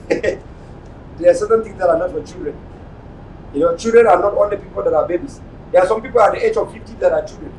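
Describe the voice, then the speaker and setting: Impassioned Cameroonian man, high echoey voice. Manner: impassioned and repetitive, at times shouting. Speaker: online TV talk show host. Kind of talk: late-night live talk show monologue. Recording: echoey room, mic at a distance, faint rumble.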